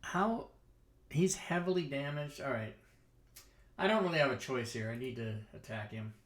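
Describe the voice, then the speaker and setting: A man's voice: medium pitch, expressive, normal speed. Guy running a tabletop game from his desk, swears a lot, jokes at himself, leans off the mic. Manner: loose, swearing, self-mocking. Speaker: dungeon master and streamer. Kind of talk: casual tabletop game chat. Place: home streaming setup. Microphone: desk microphone, often leaned away from.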